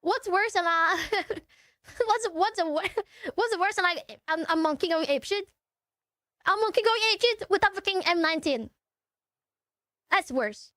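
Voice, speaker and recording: A woman's voice: very high voice, lively intonation, normal speed, pauses often, sharp tone, no echo, studio quality. A woman streaming live, reacting to a video with laughs, disbelief and heavy swearing.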